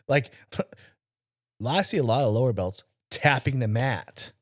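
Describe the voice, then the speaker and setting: A man's voice: medium pitch, slow pace. Blunt, emphatic man, swearing freely. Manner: coaching tone, gives direct instructions. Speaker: podcast co-host. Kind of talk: casual chat.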